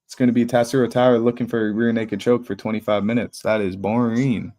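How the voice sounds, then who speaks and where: A man's voice: mid-range voice, little pitch movement, a little fast, mellow. Casual young man streaming fight commentary. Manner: casual, blunt, swears and jokes. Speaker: livestream host. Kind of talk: live fight watch-party commentary.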